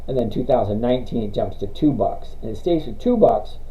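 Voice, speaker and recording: A man's voice: medium pitch, expressive, a little fast, warm tone, slight background noise. A middle-aged man hosting a casual livestream, chatting with viewers and reading out their comments. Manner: chatty, reads out viewer comments, apologetic refusals. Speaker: livestream host reviewing stocks. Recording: roomy, dull lo-fi stream audio.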